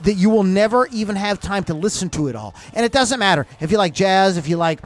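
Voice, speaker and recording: A man's voice: high-pitched, lively intonation, quick pace. A man hosting a rock podcast in a loose, rambling, jokey way. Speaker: podcast host. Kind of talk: casual chat.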